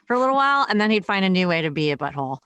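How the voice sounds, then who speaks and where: A chatty woman co-hosting a casual podcast, her voice sitting a little low. She talks freely and laughs often between phrases. The recording is dry and close, with no room sound. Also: very animated, very fast, a bit bright, smooth, no room sound. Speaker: podcast co-host. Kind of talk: casual chat.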